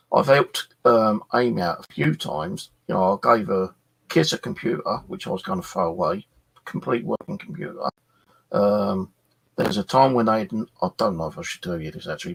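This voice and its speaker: A middle-aged man hosting his channel, telling an animated story from his flat with some swearing and acted-out exchanges. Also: low-pitched, vocal fry, breathy edge. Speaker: channel host. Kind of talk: casual storytelling chat.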